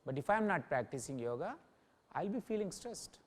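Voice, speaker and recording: A man's voice: a little high, sing-song, a little fast. A male yoga teacher giving an informal talk to a class, often checking in with listeners by asking "Okay?". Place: yoga center in New Delhi.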